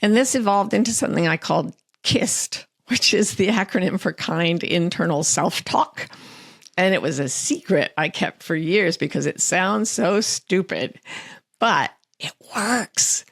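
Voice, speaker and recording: A middle-aged woman author speaking as an interview guest, earnest and animated as she tells stories and quotes her own self-talk. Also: on the low side, a little slow, gravelly, husky, dry recording, clean studio sound. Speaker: author and life coach, guest. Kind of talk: interview conversation.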